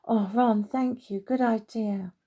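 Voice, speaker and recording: A woman voicing a kind, patient young mother who speaks softly and soothingly. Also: fairly high pitch, steady tone, slow.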